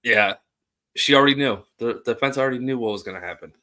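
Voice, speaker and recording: A man hosting a court-video commentary channel, a little under the weather, chatting casually in a fairly flat voice. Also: medium pitch, fast talker. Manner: relaxed, chatty, mildly monotone. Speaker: host reacting to court videos.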